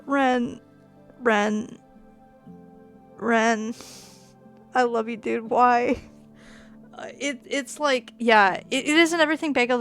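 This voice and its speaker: A young woman with a Minnesotan accent, chatting casually on a gaming stream, rambling and laughing with many fillers and casual swearing. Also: on the high side. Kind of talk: casual live-stream chat while gaming.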